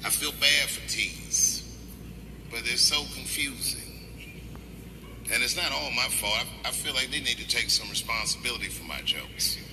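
A man doing stand-up comedy, profane and animated, swinging between loud and quiet. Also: medium pitch, normal speed, noisy background. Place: live comedy venue. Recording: roomy hall reverb with music.

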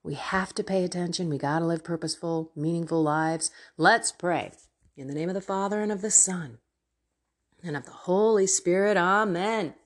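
A woman podcast host leading an earnest, fervent spoken prayer, pleading in a breathy voice. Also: lowish voice, normal speed. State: tearful.

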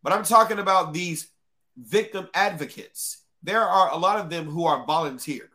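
Brief: livestream host, casual and profane, with a fairly high, bright voice. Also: male voice, normal speed. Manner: casual, profane, talks straight to chat.

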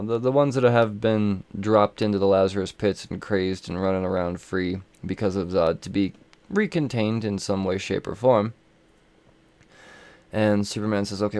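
A man's voice: lowish voice, a little mellow. A man casually recapping comic books, rambling and swearing freely, with many fillers and restarts. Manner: rambling, profane, with frequent fillers. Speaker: comic book reviewer.

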